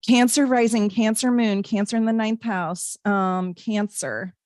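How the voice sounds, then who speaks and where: A middle-aged woman of medium pitch, speaking a little slowly, hosts a casual home livestream of tarot and astrology readings. She chats with viewers, offering warm asides and many fillers, in a dry recording with clean studio sound.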